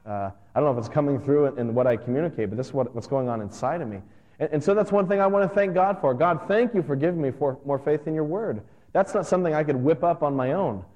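A man in his thirties, a pastor, giving a conversational and earnest sermon that gets animated at times. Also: a little high, quick pace. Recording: dull lo-fi sound with long hall reverb.

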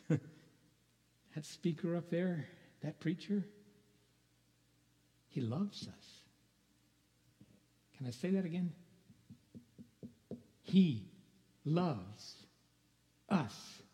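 A man's voice: fairly high pitch, darkish tone. A man preaching a sermon in a conversational way, asking rhetorical questions and chuckling now and then. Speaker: pastor. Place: church sanctuary. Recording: long hall reverb.

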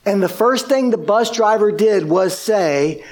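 High-voiced animated preacher man. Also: a little slow. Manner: animated, acts out quoted speech. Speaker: pastor. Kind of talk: sermon storytelling.

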